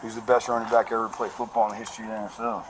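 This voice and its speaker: In very noisy bodycam footage recorded outside an apartment, a detained man in his 40s erupts erratically, cursing and begging the police. He speaks very fast in a fairly low, flat voice.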